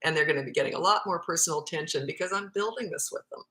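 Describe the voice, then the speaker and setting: A woman's voice: low-pitched, racing, pushed and bright. Blunt, emphatic woman parenting coach. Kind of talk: live viewer Q&A. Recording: echoey room.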